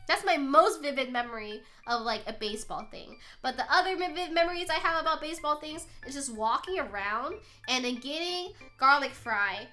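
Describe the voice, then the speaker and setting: A woman's voice: sits high, lively intonation, fairly quick, hardly any pauses, sharp tone, soft background music. A young adult woman streaming, chatting casually with viewers, laughing often and swearing freely.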